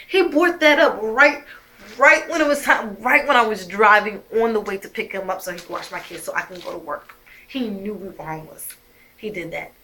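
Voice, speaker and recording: A woman's voice: mid-range voice, normal speed, bright, forceful tone. A young woman telling her own story as a mother, emphatic and heated, swearing often. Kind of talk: emotional personal storytelling.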